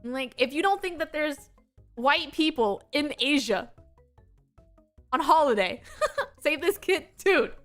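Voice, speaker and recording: A young woman VTuber chatting casually on stream, telling stories in an animated way with lots of laughter. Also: high-pitched, unhurried, pauses often, faint music behind. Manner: animated storytelling with frequent laughter.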